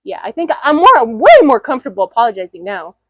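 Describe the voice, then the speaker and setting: A woman's voice: on the high side, fast talker, no room sound, highs cut off. A young adult woman hosting a candid podcast chat, telling stories animatedly with frequent laughter. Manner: animated storyteller, laughs often, acts out quoted lines. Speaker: podcast host. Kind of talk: candid chat between friends.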